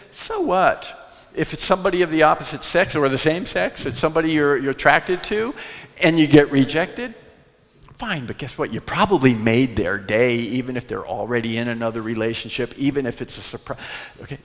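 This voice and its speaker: A man's voice: a little high, gravelly. A man giving a live conference talk on sales, telling stories and acting out the people in them. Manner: animated storyteller who acts out quoted voices. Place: large conference hall. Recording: long hall reverb.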